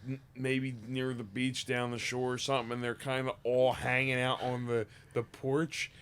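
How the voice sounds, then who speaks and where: A man's voice: medium pitch, monotone, normal speed, a crowd in the background. A man co-hosting a casual chat, laughing as he describes things and trailing off mid-thought.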